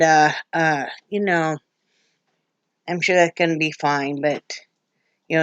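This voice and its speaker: An older woman from Wyoming, vlogging in casual, rambling chat to her viewers, emotional and quick to laugh. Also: low-pitched, clean tone, no echo, dull audio. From Wyoming, USA.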